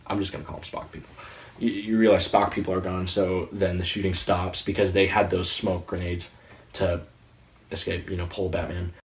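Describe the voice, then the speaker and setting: A man in his late teens giving a casual, excitable, rambling review of a TV episode. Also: low voice. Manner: excitable, rambling, with frequent restarts. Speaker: movie reviewer. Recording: roomy sound, distant from the mic.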